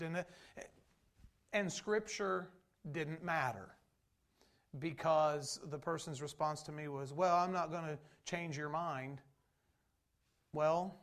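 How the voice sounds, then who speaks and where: High-pitched gravelly man preaching a sermon. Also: a bit bright. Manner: conversational preaching with restarts and acted-out quotes. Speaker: pastor.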